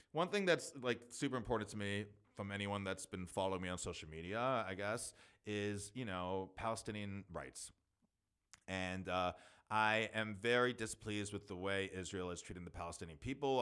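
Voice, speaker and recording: A young man hosting a solo podcast, talking fast and rambling with lots of fillers and restarts. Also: on the low side, bright, forceful tone, smooth. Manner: fast, rambling, talks quickly with many fillers. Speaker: podcast host.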